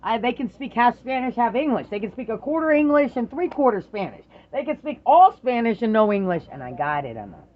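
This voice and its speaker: A middle-aged parent in a casual chat with their adult daughter, telling lively stories, swearing freely and acting out the voices of the people in them. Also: mid-range voice, a little fast, few pauses, dull audio. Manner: animated storyteller, swears freely, acts out quoted voices.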